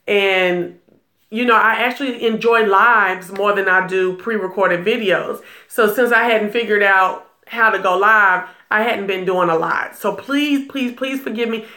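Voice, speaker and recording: A woman hosts a casual live stream in a bright, forceful voice, chatting with her viewers and greeting them by name. She laughs easily and gossips freely. The sound is roomy, with a clear echo. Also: mid-range voice. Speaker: livestream jewelry seller and gossip host.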